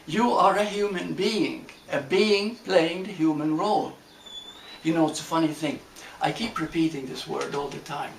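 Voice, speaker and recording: Gentle male spiritual teacher, roomy echo. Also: fairly high pitch, gravelly. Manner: gentle, unhurried, with repeated phrases and asides. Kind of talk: reflective talk to a group. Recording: roomy echo with faint ambient noise.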